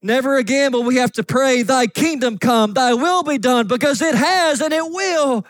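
A man preaching a sermon as pastor, reading scripture aloud with fervent emphasis that rises to shouts. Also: very high-pitched, normal speed, no echo, faint music behind. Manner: fervent, rising to shouts on key points.

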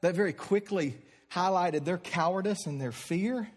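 A man's voice: sits high, moderate pace, big-room sound. A male pastor preaching a sermon with vivid, dramatic storytelling and sound effects.

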